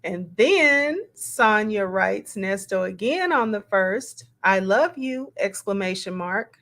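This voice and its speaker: A woman with a medium-pitched, expressive, fairly bright voice reads text messages aloud. She comments on them casually, going slowly and musing, with asides between the quotes.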